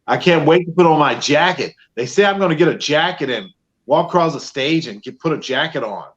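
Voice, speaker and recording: Man telling an animated story. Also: on the high side, fairly quick, muffled recording. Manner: animated storyteller, acts out both sides of phone calls. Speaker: professional Santa Claus, guest. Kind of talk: casual interview chat.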